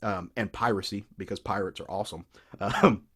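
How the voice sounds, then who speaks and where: A man's voice: on the low side, fairly even intonation, brisk, fairly bright tone, husky. A man with a Southern US accent on a podcast, eagerly retelling a comic book story in a rambling, casual way full of restarts. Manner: enthusiastic, rambling, many restarts. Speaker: podcast co-host.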